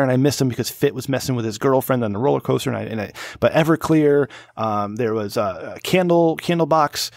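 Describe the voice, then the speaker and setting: A man's voice: mid-range voice, gravelly, no room sound. Man in his late thirties, dry mic. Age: 30s. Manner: rambling profane storytelling. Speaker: podcast host. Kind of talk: casual chat.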